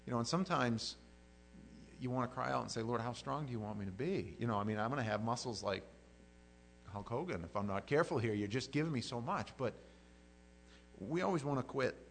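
A man's voice: medium pitch, animated, brisk, vocal fry, a little hiss or hum, low-quality recording. A man preaching a sermon in a conversational way, repeating words as he builds emphasis. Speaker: pastor.

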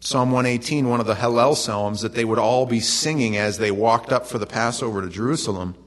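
A middle-aged man preaching a sermon, telling the story in a relaxed, conversational way with lively asides to the congregation. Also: medium pitch, brisk. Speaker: pastor.

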